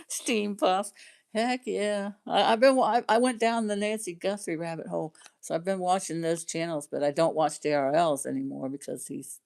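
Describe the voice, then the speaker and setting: Chatty woman, low voice, rambling. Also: vocal fry, a little mellow. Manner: rambling, chatty, laughs often. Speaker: livestream host chatting with viewers. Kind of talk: casual livestream chat.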